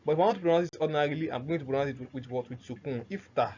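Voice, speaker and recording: Male teacher, slightly raised pitch, rhetorical quizzing style, slow repetitions; dull lo-fi recording. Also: warm tone. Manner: asks rhetorical questions, repeats words slowly. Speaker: Arabic grammar teacher. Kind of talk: recorded lesson. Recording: dull lo-fi recording with faint noise.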